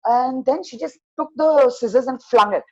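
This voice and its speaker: Brief: older woman storyteller on a video call, slightly high voice, close and dry, a little dull, hushed and animated. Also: normal speed, no echo. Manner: animated, acts out dialogue in a hushed voice. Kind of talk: first-person horror story at an open mic.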